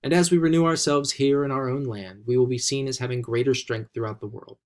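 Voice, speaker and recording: A man's voice: mid-range voice, fairly even intonation. Older American man giving formal oratory. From United States. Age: 60s. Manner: measured, rhetorical oratory with emphatic slowed phrasing. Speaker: president giving an inaugural address. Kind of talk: formal ceremonial speech.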